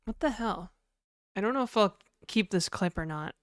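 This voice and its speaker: Chatty woman streamer, smooth dry voice. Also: medium pitch, lively intonation, moderate pace, no echo. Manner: chatty, reads chat aloud, frequent fillers. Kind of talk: casual live-stream chat.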